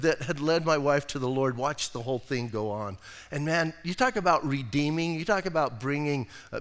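A man's voice: a little high, a bit bright. Casual preaching man in reverberant hall. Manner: casual, storytelling, quoting scripture aloud. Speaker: pastor. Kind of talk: conversational sermon. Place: church sanctuary.

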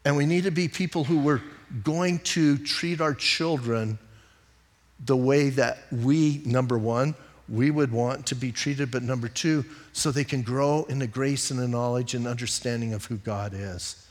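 A man's voice: mid-range voice, steady tone, unhurried. A middle-aged male pastor preaching a conversational sermon, mixing jokes and stories with teaching. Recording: long hall reverb.

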